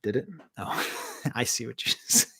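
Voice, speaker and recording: Here the music review host's voice is mid-range, gravelly and a bit rough, with a fairly bright tone, at normal speed. He's livestreaming from home, ranking albums, reading the chat, and talking with rambling enthusiasm.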